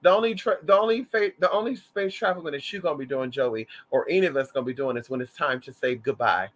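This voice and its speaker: Flamboyant guy chatting to his viewers, sassy and cussing, kinda high bright voice. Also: fast talker. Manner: sassy, flamboyant, calls viewers honey and y'all, swears a lot. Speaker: vlogger. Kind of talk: casual livestream chat.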